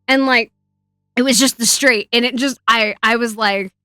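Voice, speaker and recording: A woman's voice: fairly high pitch, steady tone, normal speed, pushed and bright, clean tone, dry recording, clean studio sound. A young woman streamer rambling in casual chat, swearing often and laughing as she talks. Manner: laughs a lot while talking. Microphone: wearing earbuds.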